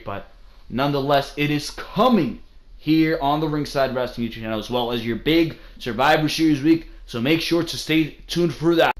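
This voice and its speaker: Young male host, higher voice, blunt profane ranting delivery for a wrestling review. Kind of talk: casual solo review commentary.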